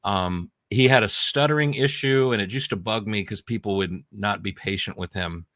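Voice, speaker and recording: A man's voice: fairly low pitch, moderate pace, fairly bright tone, no echo, clean studio sound. A man, a regular panelist on a talk stream, telling a story in a hesitant way with many ums. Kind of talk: casual storytelling.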